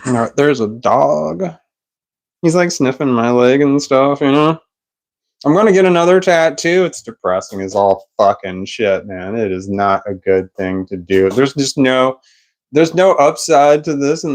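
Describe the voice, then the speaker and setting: A man's voice: mid-range voice, expressive, moderate pace, rough recording. A middle-aged man talking at home into a phone camera with a small microphone, rambling, swearing and losing his thread. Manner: rambling, profane, loses his train of thought. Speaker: vlogger. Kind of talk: rambling casual vlog. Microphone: phone camera with a small external microphone.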